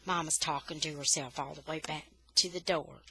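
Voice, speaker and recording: A woman reading a children's novel aloud in an expressive storytelling manner. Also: deep voice, moderate pace, rough recording. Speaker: reader.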